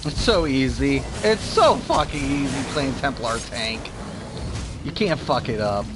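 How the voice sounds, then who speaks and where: A man giving profane, mocking commentary over his own gameplay as a channel host, ranting at teammates with sudden yelled outbursts. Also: medium pitch, lively intonation, unhurried, background noise. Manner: profane, mocking rant with sudden yelling bursts.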